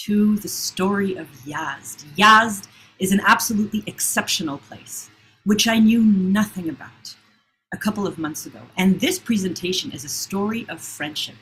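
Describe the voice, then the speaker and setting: A woman presenting a story on a video call, speaking as an enthusiastic, warm storyteller. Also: medium pitch, slight background noise. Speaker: guest presenter and author.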